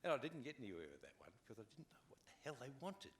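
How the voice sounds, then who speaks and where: An older Australian man with a mid-range voice races through wry stories as an actor guest on a convention panel, with slight background noise. He's animated, acting out each anecdote in a relaxed storytelling style.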